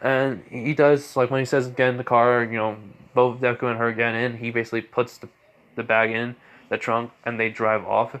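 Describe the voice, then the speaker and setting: A man's voice: medium pitch, flat delivery, moderate pace, fairly bright tone, lo-fi sound. A man narrating an improvised fan story in a casual, rambling way, with many fillers and restarts.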